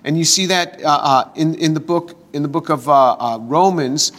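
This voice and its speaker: Halting older male Bible teacher. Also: fairly high pitch, a bit bright. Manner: halting, repeats words and restarts often; reads scripture aloud in long passages. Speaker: pastor.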